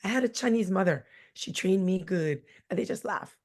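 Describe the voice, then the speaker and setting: A woman's voice: medium pitch, animated, moderate pace, a little mellow. A woman in her forties, a teacher, telling stories from her classroom in a candid, blunt and jokey way. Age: 40s. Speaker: teacher, guest. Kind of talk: candid conversational storytelling.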